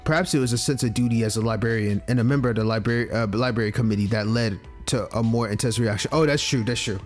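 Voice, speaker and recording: A man's voice: fairly low pitch, steady tone, fast talker, faint music behind. A man reading a visual novel aloud and reacting casually, with frequent swearing. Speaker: let's play gamer.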